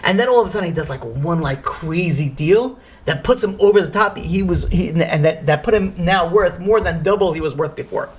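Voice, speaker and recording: A rabbi telling a story in a lively lecture, sprinkling in Hebrew and Yiddish phrases. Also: male voice, sits high, a little fast.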